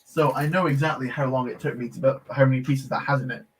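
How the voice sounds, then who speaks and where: A man's voice: medium pitch, steady tone, fast, a little hiss or hum. A man hosting a casual live stream while building, chatting, reading comments aloud and laughing often. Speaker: Lego streamer.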